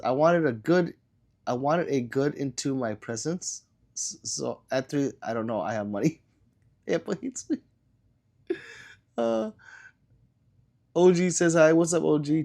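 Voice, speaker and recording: A man's voice: on the high side, expressive, unhurried, a little mellow. Sick man casually reading livestream chat. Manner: loose and rambling, with many fillers and trailing answers. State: sick, coughing. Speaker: livestream host.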